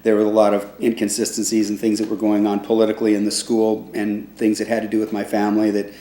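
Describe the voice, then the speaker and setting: A man in his sixties, a trombone player, recalling his past in a relaxed, rambling way with restarts, acting out other people's voices when he quotes them. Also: fairly low pitch, fast talker. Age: 60s. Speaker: trombone player recounting his band's start. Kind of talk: casual spoken storytelling. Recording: echoey room.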